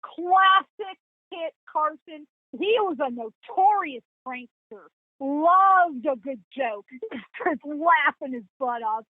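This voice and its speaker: A woman, a psychic guest on a podcast, telling a story in an animated, folksy way, acting out quoted dialogue. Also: sits high, takes it slowly, no room sound. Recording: tinny, phone-like line.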